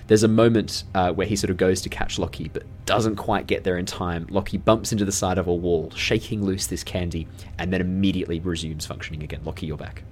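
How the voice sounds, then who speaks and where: A man narrating a tabletop game as game master, in a relaxed, rambling way with many fillers. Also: low voice, fairly quick, hardly any pauses.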